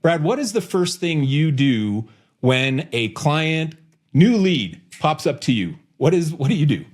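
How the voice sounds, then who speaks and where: A man hosting a podcast, talking casually and with energy, joking around and speeding up when he gets excited. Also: a little high, unhurried. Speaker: podcast host.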